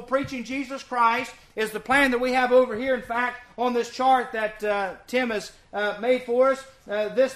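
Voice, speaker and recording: High and ringing, the voice of a male visiting preacher carries a bright, pressing edge through his sermon. He's earnest and emphatic, hammering points home through repetition.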